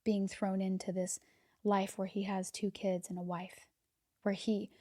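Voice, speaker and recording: Woman podcast host, chatty and earnest, slips into soft, breathy asides. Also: mid-range voice, little pitch movement, measured pace. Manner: enthusiastic, drops to soft near-whisper when moved; repeats words while searching for thoughts. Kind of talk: casual reflective monologue.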